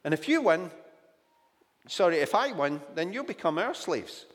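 A man's voice: high voice, sing-song, moderate pace, in a large hall. A male preacher voicing a boastful giant warrior who mocks his enemies in a raised, bragging voice. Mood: taunting. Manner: loud, bragging, mocking.

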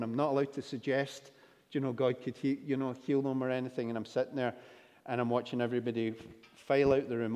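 Pastor preaching in a reverberant hall. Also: male voice, medium pitch, dark tone. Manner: storytelling, acts out dialogue with asides. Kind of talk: sermon.

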